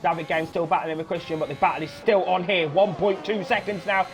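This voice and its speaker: A young man giving live sim-racing commentary, excitable, swearing and shouting encouragement at the drivers. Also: high-pitched, fairly quick, hardly any pauses, faint music behind. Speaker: race commentator.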